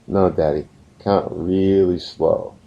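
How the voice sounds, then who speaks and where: A man's voice: low voice, steady tone, slow pace, vocal fry, heavily acted. A man quoting his four-year-old son in a slightly raised voice as he tells a story in a lesson. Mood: pleading. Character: eager pleading little boy of four. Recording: slightly muffled, dull recording.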